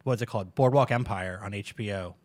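A man's voice: lowish voice, darkish tone, no room sound. Casual, swearing man on a dry mic. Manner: swearing, storytelling, quick to laugh. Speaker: podcast host. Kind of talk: casual chat.

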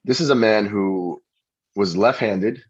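Middle-aged guy, deep husky voice, chatty storyteller, dull lo-fi sound. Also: takes it slowly, dry recording. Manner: chatty anecdotal, repeats words on restarts. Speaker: pitching coach. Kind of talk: interview storytelling. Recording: dull lo-fi recording.

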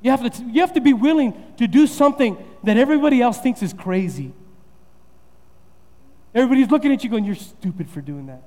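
A man's voice: very high-pitched, expressive, fast, long pauses, a little mellow, long reverb tail. A man preaching a sermon as pastor, repeating and building his points with rising emphasis.

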